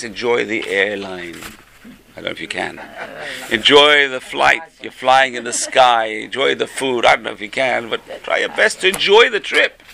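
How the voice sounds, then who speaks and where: A man leads a religious class and tells his stories with animated energy, acting out voices as he goes. His voice is gravelly with a sharp, bright edge. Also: mid-range voice, a little hiss or hum. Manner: animated storytelling with acted-out voices. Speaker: teacher. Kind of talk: Torah class talk.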